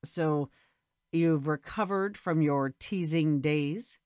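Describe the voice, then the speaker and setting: A woman voicing a flirtatious outdoorsy man, speaking low and smooth with a teasing manner. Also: takes it slowly, darkish tone, no room sound, clean studio sound. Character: flirtatious man, deep-voiced outdoorsy charmer.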